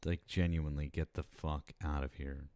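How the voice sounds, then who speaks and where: A man's voice: a bass voice, little pitch movement, moderate pace, a little mellow, dry recording. A man co-hosting a casual political chat, blunt and full of swearing and hesitant fillers. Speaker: co-host.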